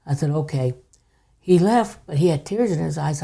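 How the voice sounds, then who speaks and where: Older woman guest for a podcast chat: low, dark, gravelly voice, soft and hushed delivery. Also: expressive, normal speed. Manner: hushed, drops to near whisper at times. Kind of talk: casual storytelling.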